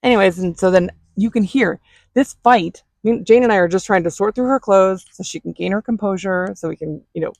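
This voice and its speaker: A woman vlogger and mother telling a story in a chatty, animated way. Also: medium pitch, a little fast, creaky, no echo. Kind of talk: casual storytelling.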